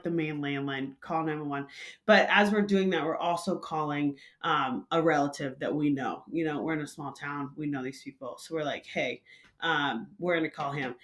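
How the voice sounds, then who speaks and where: A woman hosting a casual vlog, telling a story in a chatty, loose way full of fillers. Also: deep voice. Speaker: vlog host and coffee shop manager.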